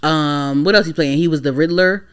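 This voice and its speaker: A woman's voice: sits low, normal speed, smooth. A young woman from the Washington DC area co-hosting a podcast, talking bluntly and profanely in a ranting, casual opinion chat. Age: young adult. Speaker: podcast co-host.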